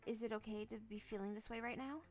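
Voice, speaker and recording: A woman voicing an obsessive, shy teenage girl, reading game dialogue in a soft, low, breathy and creepily devoted way. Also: fairly even intonation, quick pace, close to an everyday voice. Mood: breathless obsessive. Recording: faint background music.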